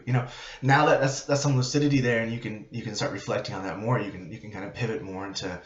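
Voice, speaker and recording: A man teaching students about nursing in a relaxed, conversational way. He uses frequent fillers and tag questions as he explains. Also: lowish voice, fast talker. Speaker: psychiatric nurse instructor. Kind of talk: informal lecture to students. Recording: roomy, dull lo-fi recording.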